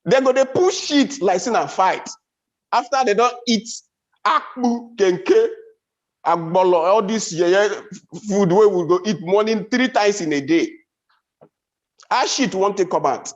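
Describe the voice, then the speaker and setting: A man from Nigeria with a Nigerian Pidgin accent, telling stand-up comedy stories with animated swings in his delivery. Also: a little slow, lo-fi sound. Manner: animated storytelling, big pitch swings.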